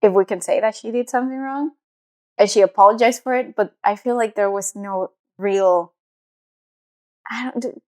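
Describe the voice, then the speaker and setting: In a casual podcast conversation, this young female co-host meanders and hesitates, dropping in lots of fillers. She talks at a moderate pace in a mid-range, slightly mellow voice.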